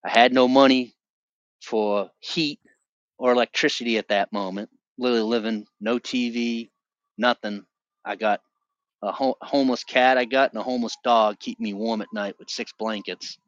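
A man's voice: medium pitch, steady tone, normal speed, no room sound. A man in his thirties from Massachusetts, telling his faith testimony as a podcast guest in a loose, emotional, slangy way over a remote call. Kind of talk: casual storytelling. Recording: dull lo-fi call audio.

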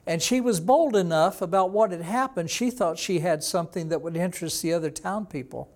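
A man's voice: high voice, a little mellow. A man who is a pastor, preaching a conversational sermon and retelling a Bible story, acting out the people in it. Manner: plain, conversational teaching.

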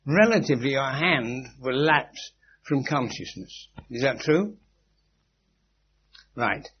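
Man, spiritual teacher, emphatic lecture, dry wit, live audience, muffled old tape, faint hum. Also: medium pitch. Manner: emphatic and instructive, with dry witty asides and repeated key phrases. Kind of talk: informal philosophical lecture. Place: meeting room with a live audience.

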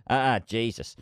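A man's voice: mid-range voice, fairly bright tone, clean tone, no room sound, studio quality. A middle-aged man hosting his solo podcast, rambling, sweary and self-mocking. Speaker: podcast host. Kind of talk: casual solo podcast chat.

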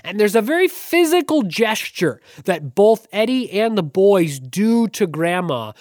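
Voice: medium pitch, very animated, measured pace, darkish tone, no room sound, clean studio sound. A podcast co-host analysing a play in casual chat, thoughtful and discursive, with wry asides.

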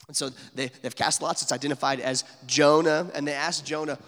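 A man's voice: a little high, steady tone, brisk, creaky, a bit bright, big-room sound. A man preaching a sermon in a casual, conversational way, full of fillers, sometimes dropping almost to a whisper for emphasis. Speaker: pastor.

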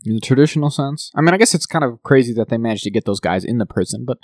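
Fast, animated man co-hosting a podcast. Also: medium pitch, no room sound, clean studio sound. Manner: animated, laughs often, talks over partner. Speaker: podcast co-host. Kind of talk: casual chat.

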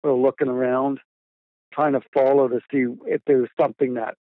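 A man's voice: mid-range voice, flat delivery, fairly quick, no room sound. A man, a documentary filmmaker, telling a story in a rambling, casual way with repeated words and fillers. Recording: tinny phone line, dry.

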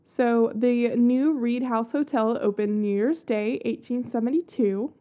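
A young woman with a mellow, high-leaning voice hosts a casual podcast at a measured pace, chatting about haunted places. She's giggly and talkative, swearing casually as she recounts spooky stories, over dull lo-fi sound.

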